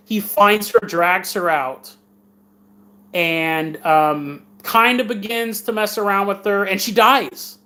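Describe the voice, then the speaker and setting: A man's voice: high-pitched, steady tone, takes it slowly, pushed and bright. A man hosting a film podcast, recapping a movie in a rambling, joking way and acting out the characters' lines. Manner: rambling, jokey, acts out quotes in funny voices. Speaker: podcast host reviewing films. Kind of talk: casual movie recap for a live stream audience.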